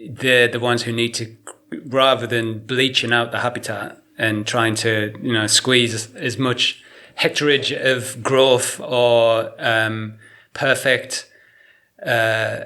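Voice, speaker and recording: Bright-voiced rambling man. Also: medium pitch, slow pace. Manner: rambling, animated, laughs often. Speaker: guest artist. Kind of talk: casual chat.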